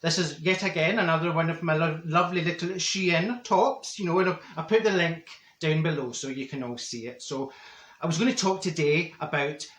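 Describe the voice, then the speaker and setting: A man's voice: a little high, moderate pace, a bit bright, close to an everyday voice. A man playing a chatty, self-satisfied middle-aged Glasgow woman with a broad Glaswegian accent, rambling through comic gossip in a roomy-sounding space. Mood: gossipy. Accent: Glaswegian Scottish. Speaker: comedy character vlogger. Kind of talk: character comedy monologue. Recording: roomy echo.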